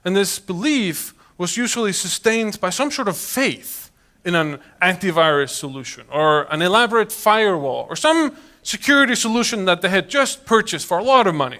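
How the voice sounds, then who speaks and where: A man in his thirties tells a personal story before an audience. His voice sits high and bright, and it rises and falls a great deal. He drops into other people's voices as he goes. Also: moderate pace. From Iceland. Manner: animated, acts out quoted voices. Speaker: public speaker.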